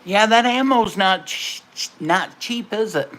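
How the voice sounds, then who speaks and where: A woman's voice: medium pitch, unhurried, a bit bright. An older woman hosting a casual livestream from home, chatting and answering her viewers' comments by name. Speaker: livestream host.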